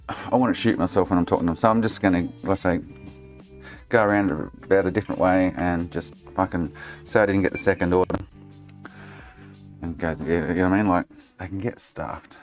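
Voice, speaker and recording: This deep-voiced Australian guy talks at a normal speed over faint background music while fixing consoles on a livestream. Exasperated, he swears constantly as his casual chat keeps turning into rants.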